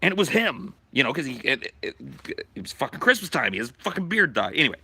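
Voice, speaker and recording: A podcast host telling a profane, animated story from his childhood in casual talk. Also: mid-range voice, quick pace, breathy edge, dry recording.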